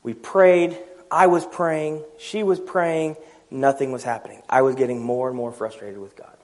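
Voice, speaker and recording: A man's voice: medium pitch, steady tone, normal speed. A man preaching a sermon, telling a personal story, acting out the dialogue and laughing at himself.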